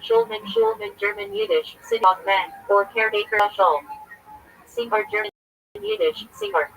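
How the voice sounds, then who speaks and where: A man speaks as a rabbi on a livestream, reading down a list in short, terse fragments. His voice has a gravelly edge and a bright, sharp tone. His pitch leaps up and down a lot from word to word. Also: wildly swooping pitch, moderate pace, low-quality recording. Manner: clipped fragments, terse and listing.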